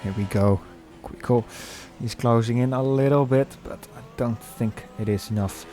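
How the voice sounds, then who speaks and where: A man commentating a sim race, calling the action with many pauses and fillers. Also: medium pitch, mellow, faint music behind. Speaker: lead commentator.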